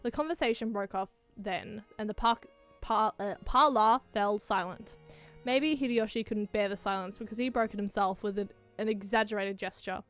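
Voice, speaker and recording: A woman's voice: mid-range voice, moderate pace, no echo, soft background music. A young woman hosting a casual visual novel read-along, narrating and chatting with giggles. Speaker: host of a read-along channel.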